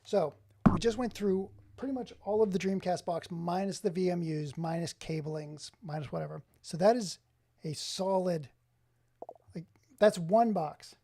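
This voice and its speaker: A man streaming live from his home office, chatting excitedly with viewers and exclaiming often. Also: high-pitched, measured pace. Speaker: streamer showing his game collection. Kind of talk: casual live-stream chat.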